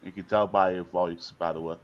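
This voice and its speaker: A man's voice: low-pitched, little pitch movement, fairly quick. A man on a livestream call who heckles and taunts the other caller with crude jabs. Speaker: call participant. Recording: muffled lo-fi line with background noise.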